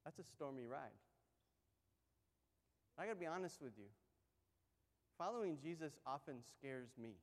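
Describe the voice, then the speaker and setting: High-voiced pastor preaching in a reverberant hall. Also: male voice, normal speed, long pauses. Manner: conversational, animated storytelling with acted-out quotes. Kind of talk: sermon.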